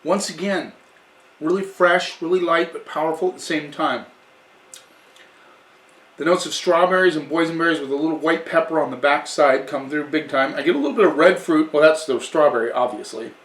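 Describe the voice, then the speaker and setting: A man's voice: a little high, brisk, a bit bright, far from the mic. A man giving a casual wine tasting review in a chatty way, often restarting and correcting himself. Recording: echoey room, away from the mic.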